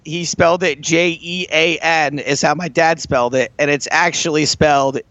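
A man's voice: on the high side, normal speed, dry recording, highs cut off. Rambling man telling a family story. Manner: rambling storyteller, animated retelling. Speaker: podcast co-host. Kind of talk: casual chat.

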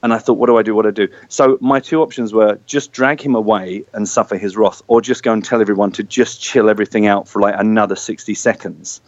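A man's voice: lowish voice, fairly quick, few pauses, no echo. A man tells a funny, self-deprecating story in casual conversation. He acts out the voices and cheers along the way. The recording is dry and a little dull. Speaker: guest storyteller. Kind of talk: casual anecdote.

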